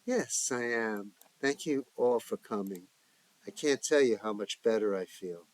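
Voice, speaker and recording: A man's voice: mid-range voice, animated, moderate pace, a little mellow, no room sound, lightly acted. A man voicing a distraught young woman in crisis, read aloud in a plain script-reading manner. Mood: dazed.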